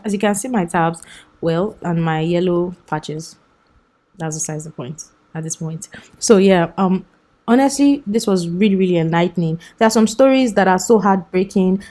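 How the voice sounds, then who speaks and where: A woman's voice: medium pitch, a little mellow. A young woman chatting enthusiastically through a casual book review vlog, often laughing.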